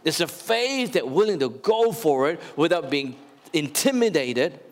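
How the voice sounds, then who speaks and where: A male pastor preaching a sermon, addressing the congregation directly, animated and drawing words out as he cries them louder. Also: on the high side, a little slow, in a large hall. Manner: talks straight to the congregation, with fillers and restarts. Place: church sanctuary.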